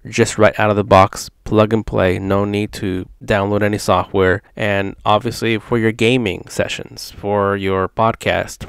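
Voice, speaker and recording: In a casual product demo at home, a tech reviewer with a smooth, lowish voice tries a USB condenser microphone's settings while thinking aloud. He stays relaxed and chatty, his distance from the mic shifting as he goes, and the sound is clean studio quality with no echo.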